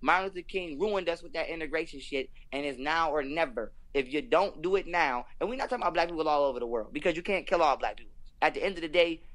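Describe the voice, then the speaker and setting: A young man delivers a heated, profane, emphatic rant in a casual conversation. He talks very quickly in a voice pitched a little high for a man. The whole thing has a preachy, fired-up drive. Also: fairly bright tone. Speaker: podcast guest.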